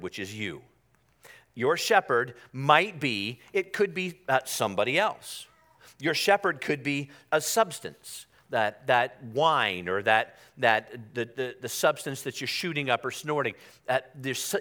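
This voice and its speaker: A pastor preaching a conversational sermon in a church, repeating himself and calling on the congregation to respond. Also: male voice, medium pitch, pushed and bright. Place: church sanctuary.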